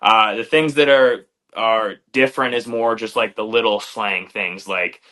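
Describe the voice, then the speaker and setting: A young man from Canada with a Canadian accent, a fighter answering interview questions in a relaxed, hesitant way. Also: fairly low pitch, unhurried. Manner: relaxed, hesitant, many "like" fillers. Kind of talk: casual interview chat.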